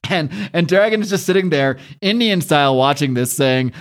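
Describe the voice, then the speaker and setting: A man hosting a casual podcast, talking excitedly with lots of fillers, restarts and laughs. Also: fairly high pitch, brisk, few pauses. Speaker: podcast host.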